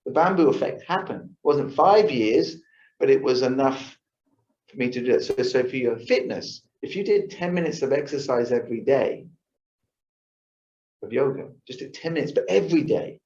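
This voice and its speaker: A man's voice: medium pitch, animated, normal speed, a little mellow. A man giving a casual lifestyle talk to a yoga class, acting out his own thoughts and often checking in with the audience. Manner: chatty, acts out his own thoughts, asks the audience "right?". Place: yoga studio. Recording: roomy, dull lo-fi sound.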